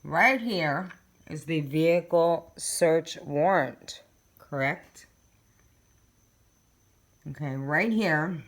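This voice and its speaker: Slow, low-voiced woman vlogger chatting. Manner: chatty, addresses viewers directly, reads documents aloud; emphatic and indignant when making a point. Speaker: true crime vlogger. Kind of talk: casual talk to camera.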